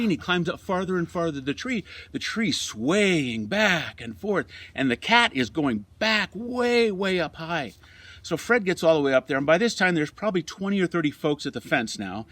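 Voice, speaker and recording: A man's voice: fairly high pitch, no room sound. Older man, retired fire captain, telling stories. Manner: animated anecdote telling, then quiet and reflective. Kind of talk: interview storytelling.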